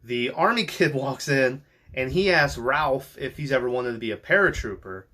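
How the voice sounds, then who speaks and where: A man with a bright, forceful voice at an average pitch recaps a movie for his podcast. He rambles loosely, swears often and leans on fillers as he goes. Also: lively intonation, moderate pace. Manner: rambling and profane, full of ums and likes. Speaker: podcast host.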